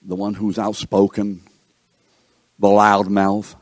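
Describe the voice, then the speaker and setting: A man's voice: on the low side, takes it slowly, no room sound. A man teaching a Bible lesson and asking his class questions. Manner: animated, asks the class questions.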